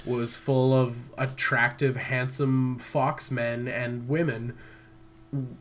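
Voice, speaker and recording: A man's voice: medium pitch, level tone, slow pace, fairly bright tone. A young man co-hosting a podcast, chatting loosely, musing and laughing a lot. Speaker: podcast co-host. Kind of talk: casual podcast chat.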